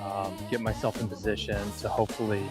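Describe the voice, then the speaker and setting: A man's voice: on the low side, little pitch movement, fast, over loud music. A man playing a round of golf on a livestream, joking about his own shots outdoors on the course. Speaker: golfer streaming his round. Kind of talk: casual golf livestream talk.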